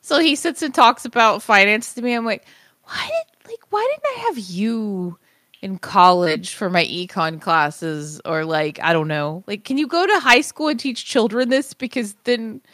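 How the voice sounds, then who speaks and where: A woman's voice: mid-range voice, normal speed, few pauses, a bit bright, no room sound, clean studio sound. A woman co-hosting a casual podcast chat, giggly and chatty, with lots of "like" fillers. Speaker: podcast co-host.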